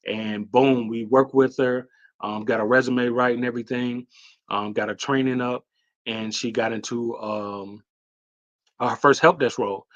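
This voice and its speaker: A man hosting a casual livestream Q&A, talking loosely and with hype, with lots of fillers and shout-outs to viewers. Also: mid-range voice, fairly even intonation, unhurried, muffled recording. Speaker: host.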